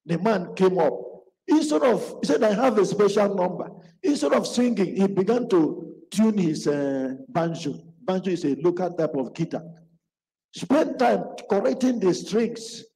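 A man preaches in a storytelling manner, acting out the voices of the people in his story. His voice sits a little high and sounds mellow. It rings out in a hall with a long reverb. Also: big pitch swings, measured pace. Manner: acts out quoted speech in his stories. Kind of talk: storytelling sermon.

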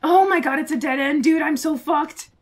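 A young woman streaming a horror game live, excitable, swearing and laughing often. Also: high-pitched, moderate pace. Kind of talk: live gameplay commentary.

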